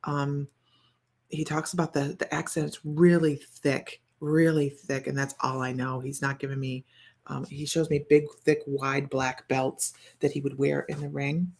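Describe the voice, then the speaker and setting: With an extremely low, level voice full of vocal fry and a darkish tone, a woman gives a casual psychic reading to camera at a measured pace. She chats and wonders aloud as she passes on her impressions, meandering with many fillers and self-corrections.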